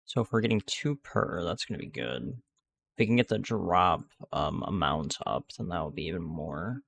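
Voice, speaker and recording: A man's voice: sits low, lively intonation, normal speed, gravelly, fairly bright tone, husky, dry recording. A man giving casual gameplay commentary, rambling and restarting sentences with many fillers. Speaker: gaming video creator.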